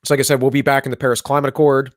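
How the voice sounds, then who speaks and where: Rapid-fire and flat, a mid-range male voice rattles off news headlines as co-host of a live talk show. He mocks them with sarcastic asides and mock voices in loose political banter, captured in a dry, clean studio recording.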